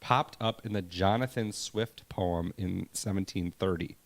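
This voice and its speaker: A man with a low voice co-hosts a casual podcast. He rambles, reads facts aloud and breaks into laughs. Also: unhurried, gravelly. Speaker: podcast co-host. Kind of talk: casual chat.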